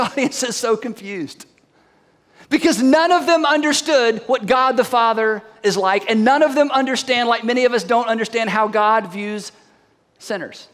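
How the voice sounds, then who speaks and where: A man's voice: very high voice, a bit bright. A man preaching a sermon as a pastor, telling the story animatedly and firing rhetorical questions at the audience. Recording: long hall reverb.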